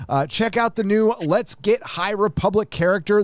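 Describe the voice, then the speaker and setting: A man co-hosting a casual live stream, excitable and reading viewer messages aloud. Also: high-pitched, normal speed, dry recording. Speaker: co-host of a live show.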